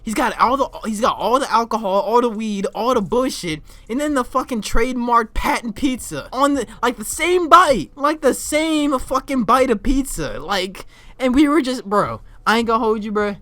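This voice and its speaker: A young man with a high, bright voice tells a story in a loose vlog rant. He is excitable and profane, and he keeps jumping into shouts. The sound is close and dry. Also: moderate pace, no echo. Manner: excitable, swears often, bursts into shouts and laughter. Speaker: vlogger.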